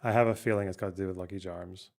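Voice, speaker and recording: Over a noisy background, a livestream host talks very fast in a low, gravelly voice with fairly even intonation. He chats casually about his chat and clips, cursing, incredulous, and restarting as he thinks aloud.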